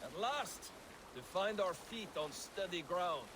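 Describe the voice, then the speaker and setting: A brash, hungry Viking warrior. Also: male voice, sits high, expressive, slow pace. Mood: wary. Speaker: game character. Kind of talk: video game voice acting. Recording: game audio with clear background noise.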